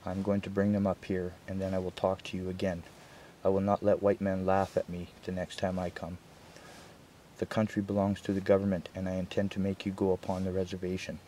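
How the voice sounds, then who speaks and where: A stern, domineering army general gives orders in a commanding, scolding tone, read by a man. The voice is low and mellow and stays fairly level, with a faint hiss behind it. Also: completely flat delivery, fairly quick, close to an everyday voice.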